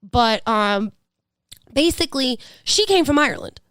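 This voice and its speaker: A woman's voice: a little high, animated, a little slow, fairly bright tone, smooth, no echo, studio quality. A woman in her thirties with a New York accent, talking and laughing in a casual podcast chat. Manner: chatty, laughing, swearing, restarts often. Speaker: podcast co-host.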